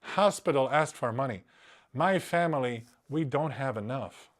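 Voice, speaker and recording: A quiet young woman scammer pleads in halting, broken English, her voice low and hesitant. A man reads her lines. She stays soft and gentle throughout. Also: animated, lightly acted. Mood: pleading.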